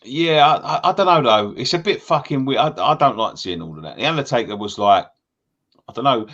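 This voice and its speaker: A man co-hosting a fan show. He talks in a hesitant, halting way with many fillers and casual swearing. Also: medium pitch, expressive, fairly bright tone, highs cut off. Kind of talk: casual pub-style banter.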